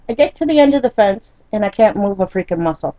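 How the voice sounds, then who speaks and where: An older woman telling a painful personal story in a vlog, halting and frustrated, often near tears, with many fillers and restarts. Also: mid-range voice, animated, no echo, highs cut off. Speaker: vlogger.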